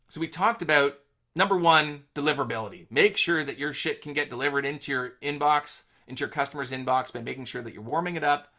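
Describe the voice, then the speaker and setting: A man with a bright, forceful voice hosts a live online session. He tells stories in a loose, chatty way, with plenty of fillers. The sound comes through a video call mic. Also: mid-range voice. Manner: animated anecdote-telling with fillers. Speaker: host. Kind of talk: casual webinar storytelling.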